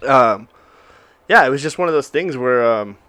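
A man's voice: mid-range voice, lively intonation, normal speed, sharp tone, clear, resonant tone, dry recording. A young man chatting loosely about his school days, swearing casually and laughing easily. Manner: loose, profane, laughs often. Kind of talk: casual chat.

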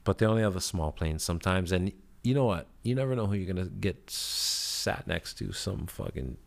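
A man hosting a podcast, telling a story in a profane, heated, rambling way, with lively swings in pitch and loudness. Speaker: podcast host. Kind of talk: casual storytelling rant.

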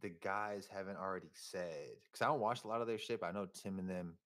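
A young man from San Francisco chats as a podcast guest in a low-pitched voice. He talks in loose slang, swears freely and rambles with a laugh here and there. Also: steady tone, quick pace, a crowd in the background. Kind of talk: casual chat.

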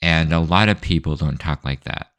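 A man with an extremely deep, low voice talks through a solo opinion rant on his own show. He rambles, stops and restarts, and fills the gaps with hesitant fillers. The sound is dry and close, with no room around it. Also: moderate pace, a bit bright, clear, resonant tone, no room sound. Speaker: show host.

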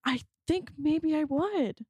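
A woman's voice: sits high, takes it slowly, dark tone, no room sound. A woman co-hosting a podcast, chatting casually and rambling with many fillers and restarts. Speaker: podcast co-host. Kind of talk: casual chat.

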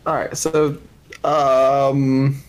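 A man playing a tabletop game in casual chat. He speaks calmly at a mid pitch and keeps to practical suggestions. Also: drawn-out words. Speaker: player.

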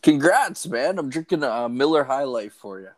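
A man's voice: mid-range voice, animated, normal speed. A man co-hosting a podcast, reacting in a laid-back, casual, profane way. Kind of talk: casual chat.

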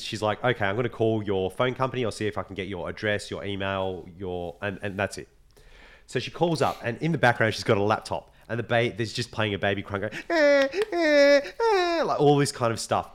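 A man co-hosting a podcast, chatting casually and telling animated stories, acting out the voices of people he quotes. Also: fairly low pitch. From Australia. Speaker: podcast co-host. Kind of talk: casual chat.

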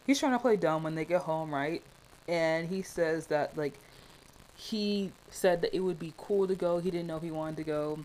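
A woman's voice: sits low, normal speed, a little mellow, a little hiss or hum, rough recording. A young woman talking through a film in casual, passionate commentary, rambling with many fillers.

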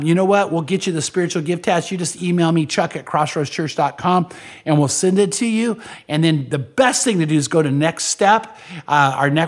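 A pastor delivers a podcast sermon with earnest conviction, circling back to repeat his key points. His voice sits a little high for a man.

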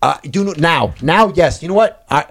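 A young man hosting a podcast, ranting loudly and rambling in casual, profane chat. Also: on the high side, lively intonation, moderate pace, no room sound. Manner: loud, profane, rambling rants. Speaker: podcast host.

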